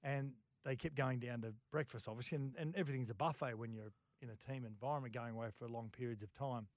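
A man's voice: mid-range voice, fairly even intonation, fast talker, dry recording. A man co-hosting a sports radio show. He tells yarns in an easygoing way and reads out listener texts. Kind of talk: casual radio talk show banter. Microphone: studio microphone.

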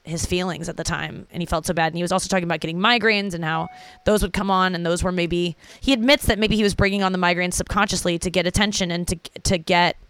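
A woman's voice: fairly low pitch, fairly even intonation, fast talker, fairly bright tone, clean tone, no room sound. A young adult woman, a stand-up comedian, hosting a casual solo podcast in a rambling, profane, self-interrupting way.

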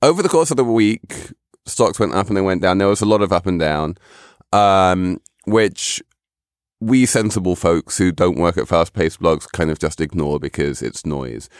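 A man's voice: low voice, moderate pace, smooth, no echo, studio quality. A man hosting a casual podcast chat, wry and self-deprecating, rambling with frequent restarts. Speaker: podcast host.

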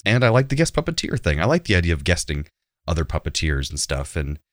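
Super deep voiced guy, laid back podcast opinions, lots of ums. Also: quick pace, dry recording, clean studio sound. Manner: relaxed, filler-heavy, easygoing. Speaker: podcast co-host. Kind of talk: casual chat giving opinions.

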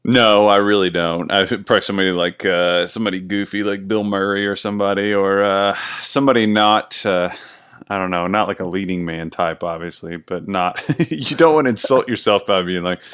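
Very deep-voiced man, dry and teasing. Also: fairly quick, a bit bright, clear, resonant tone. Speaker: podcast co-host. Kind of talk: casual sports chat.

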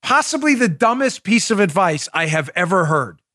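Male political show host, sarcastic, mocking, high bright voice, dry close mic. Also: very animated, normal speed, dry recording. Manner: mocking, acts out scenes in mimicked voices.

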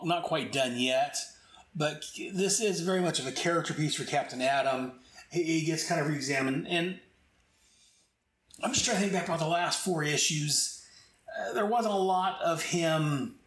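A man's voice: a little high, fairly bright tone. A man casually reviewing a comic book, rambling with frequent restarts and asides. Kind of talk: casual commentary. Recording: echoey room.

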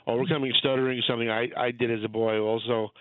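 A man calling in to a radio show, halting and repeating himself as he speaks. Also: medium pitch, level tone, no room sound. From Queens, New York. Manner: halting, repeats words, emotional. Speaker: radio caller. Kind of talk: phone-in call. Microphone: telephone. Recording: phone line.

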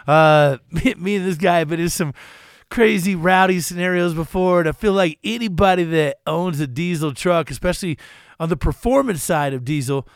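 Middle-aged male podcast co-host, high voice, dry close sound, energetic folksy delivery. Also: normal speed, clean tone, no echo. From Colorado. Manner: energetic, folksy, lots of "man" and "you know". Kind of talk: casual car podcast chat.

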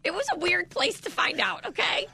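Woman, radio co-host, casual banter, bright tense voice, very lively pitch. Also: moderate pace, gravelly. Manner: animated, laughing, big pitch swings.

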